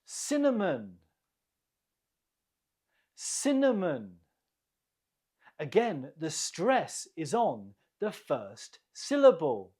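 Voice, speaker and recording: An English teacher hosting a quiz for learners, reading slowly and deliberately, repeating each word and explaining where the stress falls. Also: mid-range voice, huge pitch swings, a little mellow, slightly rough.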